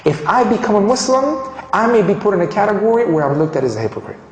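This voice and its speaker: A man's voice: sits high, fast, a little hiss or hum. Colombian man telling his story, echoey hall. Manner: animated, acts out quoted dialogue, frequent restarts. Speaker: speaker sharing his conversion story. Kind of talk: personal testimony storytelling.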